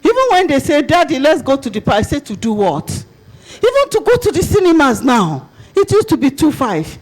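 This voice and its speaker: An older woman with a Nigerian accent giving a conference talk, lively and asking the audience rhetorical questions. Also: high-pitched, moderate pace. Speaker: conference speaker.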